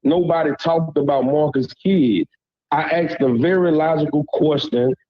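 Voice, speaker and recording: Calling in to a panel over a lo-fi line, a Louisiana man with a Southern accent rants bluntly in slang. His voice is a little high and a little slow, and he keeps asking "you hear me" throughout the heated call.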